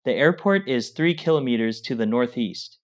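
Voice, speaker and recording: A man's voice: mid-range voice, lively intonation, moderate pace. A man co-hosting a language lesson, explaining the material and encouraging the learners. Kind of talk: instructional explanation.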